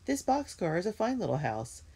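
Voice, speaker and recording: A woman reads aloud, putting on a young storybook girl, a brave, caring older sister who urges and pleads. The voice sits high and bright above a husky grain. It is clearly a voice put on for a children's book. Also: big pitch swings, normal speed, heavily acted. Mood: pleading. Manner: urgent and pleading.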